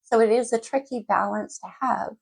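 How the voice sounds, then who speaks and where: A woman's voice: a little high, moderate pace, gravelly, husky, rough recording. A woman giving a casual general tarot reading, talking straight to the viewer and wandering off her thread before picking it back up. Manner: rambling, loses and picks up her thread; talks straight to the viewer by sign. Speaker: tarot reader.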